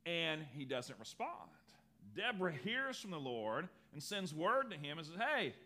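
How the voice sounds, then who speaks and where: Lively, bright-voiced male pastor preaching. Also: a little high, moderate pace. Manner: animated, acts out quotes in lively voices. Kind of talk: sermon.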